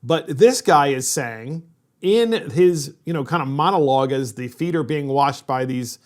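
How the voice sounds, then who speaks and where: A man's voice: a little high, animated, measured pace. A man hosting a political talk show, speaking emphatically and repeating his points. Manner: emphatic, repetitive, indignant. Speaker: podcast host. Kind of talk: political commentary chat.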